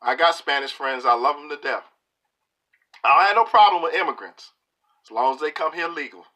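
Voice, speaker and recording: Addressing the camera, a middle-aged man who makes political videos sermonizes in casual language, hammering home points by saying them twice. He sounds on the high side and a little fast, with a sharp tone.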